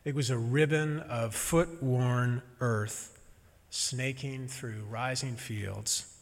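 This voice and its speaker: A man preaching a sermon as a minister, gentle and reflective with touches of humor. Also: mid-range voice, fairly even intonation, slow pace, in a large hall.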